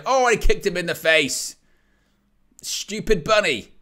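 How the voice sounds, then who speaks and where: A man hosts a live wrestling watch-along, calling the match in a bright, slightly high voice. He jokes and laughs along with the action and gets loud and excited when the crowd erupts. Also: slow pace. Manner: joking, excitable play-by-play with laughs.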